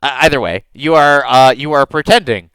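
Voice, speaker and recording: An American man co-hosting a casual podcast with a bright, clear and smooth voice. He talks in halting bursts, restarting often and laughing. The sound is close and dry. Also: medium pitch, expressive, no echo, low-quality recording. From United States. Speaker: podcast co-host, game master.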